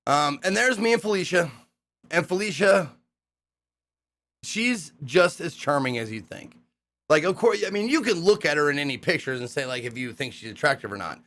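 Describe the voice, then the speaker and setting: A young man tells stories from a recent hosting gig in a loose, rambling way, swearing freely and bursting into excited voices when he quotes people. His pitch sits a little high and swings widely as he talks. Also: moderate pace. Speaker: streamer recapping a hosting gig. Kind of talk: casual storytelling recap.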